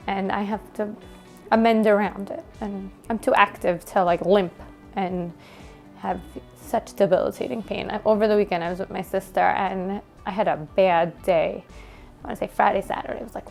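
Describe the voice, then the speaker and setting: A woman's voice: mid-range voice, vocal fry, darkish tone. A woman in her thirties with a New York accent, talking candidly and emotionally with many fillers and restarts. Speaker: gym member interviewed by her coach. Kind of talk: candid personal conversation.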